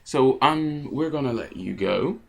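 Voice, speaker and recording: A man's voice: mid-range voice, expressive, a little slow, gravelly. A man co-hosting a comedy vlog, telling stories in a rambling, profane, giggly way. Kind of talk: casual storytelling.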